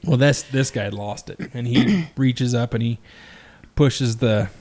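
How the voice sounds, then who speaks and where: A man's voice: medium pitch, measured pace, darkish tone. A man co-hosting a podcast, joking and giggling through casual banter. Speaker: podcast co-host. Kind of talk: casual chat.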